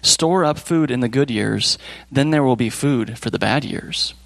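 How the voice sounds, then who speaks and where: A man voicing young Joseph in a children's Bible story read aloud, earnest and gentle. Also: medium pitch, unhurried, creaky, no room sound, low-quality recording.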